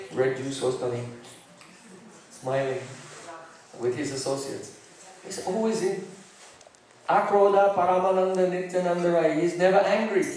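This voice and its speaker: A man telling a sacred story in a sermon, with deliberate, vivid delivery and sometimes breaking into song. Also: high voice, a little mellow. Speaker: preacher. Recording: very echoey room, mic far off.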